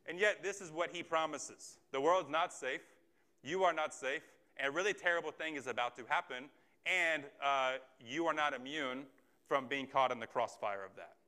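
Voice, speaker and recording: A man's voice: a little high, sharp tone. A man preaching a sermon as a pastor, earnest and conversational, often asking the listeners rhetorical questions.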